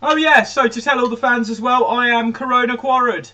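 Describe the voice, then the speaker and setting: Jokey high-voiced man from Birmingham. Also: fairly even intonation, brisk, pushed and bright. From Birmingham, England. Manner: jokey, self-mocking, laughs often. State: sore throat. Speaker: music producer streaming live. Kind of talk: casual chat while producing music. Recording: distant mic, music playing behind.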